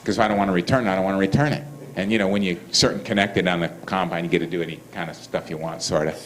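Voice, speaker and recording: A man's voice: low-pitched, racing, soft background music, low-quality recording. A man telling a story to an audience, acting out both sides of the dialogue and laughing often. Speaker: speaker telling stories.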